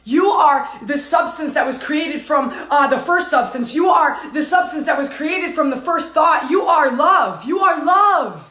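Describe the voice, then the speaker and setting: A woman's voice: high-pitched, lively intonation, unhurried, hardly any pauses, fairly bright tone. A woman speaking emotionally to her viewers as a spiritual teacher, repeating intense affirmations and swearing casually. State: tearful and dizzy at times. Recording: roomy echo.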